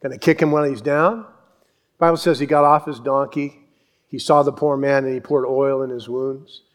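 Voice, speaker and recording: A man preaching a sermon, telling Bible stories with animated acted-out voices. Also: medium pitch. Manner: animated storytelling, acts out voices and yells. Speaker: pastor.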